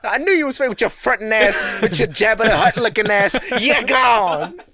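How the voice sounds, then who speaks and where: A man voicing a cocky male store worker who fakes a tough voice, loud, swaggering and mocking. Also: high voice, animated, moderate pace, crowd noise, pitched above the performer's own voice.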